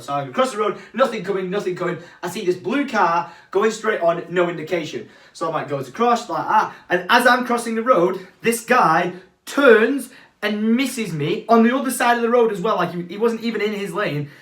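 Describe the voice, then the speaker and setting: A young man from England, telling a story in a casual vlog, animated and swearing freely. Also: sits high, a little fast. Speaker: vlogger.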